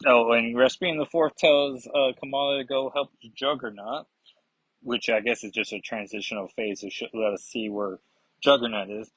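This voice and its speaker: A man casually talks through a comic book, rambling and correcting himself. His voice is husky and sits in a middle pitch. The recording is dry and close. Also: fairly even intonation, moderate pace, a bit bright, no echo, highs cut off. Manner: rambling, with frequent fillers and self-corrections. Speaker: comic reviewer. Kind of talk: casual comic review and read-aloud.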